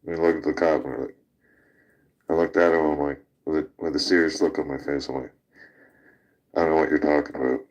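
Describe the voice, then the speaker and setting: Super deep-voiced guy telling a crazy bar story, laughing and cussing. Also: little pitch movement, brisk, pauses often, darkish tone, highs cut off. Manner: laughs while telling a rowdy bar-fight story, swears freely. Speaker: podcast host. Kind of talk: casual storytelling.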